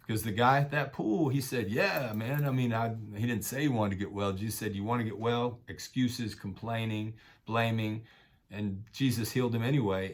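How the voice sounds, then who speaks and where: This pastor preaches in a loose, conversational style packed with slang, swinging from loud urging to quiet intensity. His voice sits at a medium pitch.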